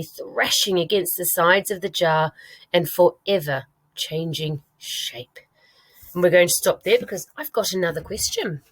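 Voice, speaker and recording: A woman with a British accent, a primary school teacher giving a recorded reading lesson with clear, patient instructions. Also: lowish voice, no echo. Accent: British English.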